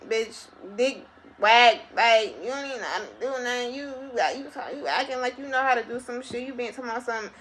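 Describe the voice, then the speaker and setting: Young woman spilling a story, bright sharp voice, a bit high, lots of cussing. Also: fast, hardly any pauses, slight background noise. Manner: profane, animated, talks straight to viewers. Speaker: vlogger. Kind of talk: casual storytime chat.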